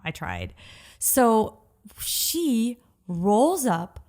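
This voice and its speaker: A woman co-hosting a business podcast, telling a story in a lively way and acting out what people said. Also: lowish voice, slow. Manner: animated storyteller, acts out quotes. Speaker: podcast co-host. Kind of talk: casual chat.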